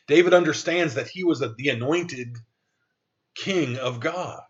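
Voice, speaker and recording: A man's voice: fairly high pitch, unhurried, dull audio. A man preaching a sermon as pastor, reading scripture aloud in an earnest way with some restarts.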